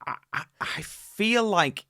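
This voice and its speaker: A man co-hosting a casual football podcast, talking in halting runs, repeating words and filling pauses. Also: high-pitched, lively intonation, creaky, pushed and bright, smooth, no room sound, clean studio sound. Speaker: podcast co-host.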